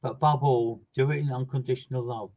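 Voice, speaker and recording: Speaking quickly in a steady tone, this medium does live readings and calls on viewers by name. He repeats words for emphasis, his earnest delivery dropping from loud outbursts to quiet, low asides, all captured on a rough recording.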